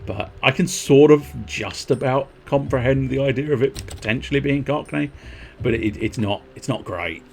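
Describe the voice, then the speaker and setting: A man's voice: medium pitch, normal speed, vocal fry, a little hiss or hum. A man streaming a game, rambling and mocking himself in casual chat. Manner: rambling, self-mocking, giggly.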